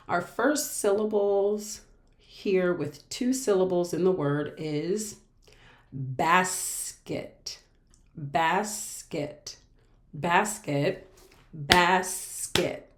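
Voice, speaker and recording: Patient teacher lady, slow and careful, lowish voice, echoey room. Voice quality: patient, repeats words carefully. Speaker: special education teacher. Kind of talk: slow, clear classroom instruction for children.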